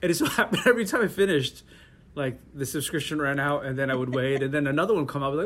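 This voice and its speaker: A middle-aged man in a relaxed interview, talking with many restarts and frequent laughs. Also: on the high side, fast. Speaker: interview guest. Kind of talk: casual conversational interview.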